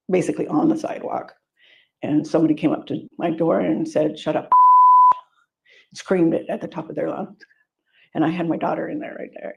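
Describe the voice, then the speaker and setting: A woman being interviewed, recounting a personal story in a measured, serious way, heard in a played clip. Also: low voice, creaky, dark tone. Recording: dull lo-fi audio clip.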